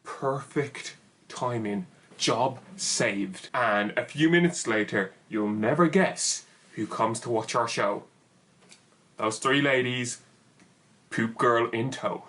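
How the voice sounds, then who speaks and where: A young man telling a funny personal story in an animated, exaggerated comic way. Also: mid-range voice, slow. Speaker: YouTuber. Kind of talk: comedic story time.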